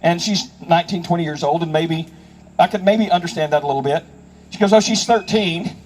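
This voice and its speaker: A man with a notably high voice delivers a speech to a live audience as a federal investigator. He tells emphatic stories and acts out the people in them. A faint hum of ambience sits under his voice. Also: brisk, a little mellow, low-quality recording. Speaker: federal investigator speaking on child safety.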